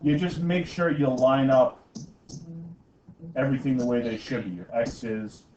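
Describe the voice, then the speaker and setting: A man's voice: medium pitch, animated, measured pace, a little mellow, distant mic, a little hiss or hum. Teasing male math teacher, echoey classroom. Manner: teasing, constantly checking in with "okay?" and "right?". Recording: echoey, dull classroom recording from afar.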